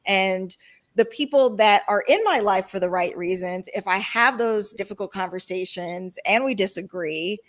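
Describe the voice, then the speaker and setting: A woman's voice: mid-range voice, normal speed, fairly bright tone. A woman moderating a panel discussion, speaking thoughtfully and earnestly with frequent fillers.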